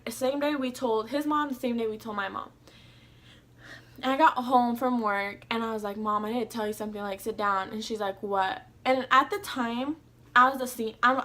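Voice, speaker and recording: Her voice is fairly high and a bit bright. This young vlogger rambles through a personal story in a casual style, saying "like" constantly and swearing now and then. She's a young adult.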